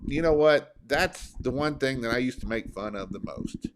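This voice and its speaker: Background noise accompanies this medium-pitched, expressive man, who coaches business folks from Northern Kentucky, USA, on a motivational live stream. He keeps a moderate pace with few pauses, sounding folksy, rambling, and plain-spoken while nursing a sore throat.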